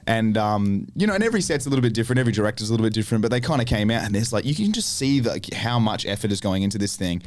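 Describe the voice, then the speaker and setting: A young adult man, a podcast guest telling animated stories about acting work, swearing often. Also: lowish voice, fast, dry recording. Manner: animated storytelling with lots of swearing. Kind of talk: casual chat.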